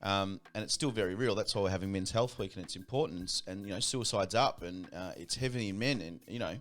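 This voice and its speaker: A man's voice: deep voice, brisk, a bit bright. A man hosting a casual radio chat, laughing often and encouraging his guest. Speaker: radio host.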